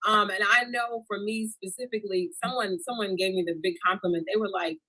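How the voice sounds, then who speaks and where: A woman comedian performs stand-up from home over a video call. Her delivery is animated and direct, addressing the crowd casually, at an average pitch. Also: fairly quick, poor audio. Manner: animated, talks straight to the crowd with "y'all". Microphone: remote video call.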